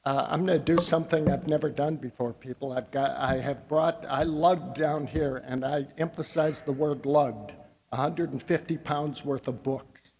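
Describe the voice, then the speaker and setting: A man's voice: mid-range voice, normal speed, a little mellow, slight background noise. A man giving a conference talk on grain marketing in a folksy, wry way, calling his audience "people.". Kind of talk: conference presentation. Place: convention hall. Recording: long reverb of a large hall.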